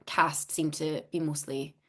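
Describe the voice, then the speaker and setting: A woman's voice: sits low, level tone, unhurried, sharp tone. A woman with a neutral Scottish accent, a voice actor chatting in an interview over a video call, laughing often and restarting her sentences. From Scotland. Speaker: voice actor guest. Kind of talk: casual interview chat.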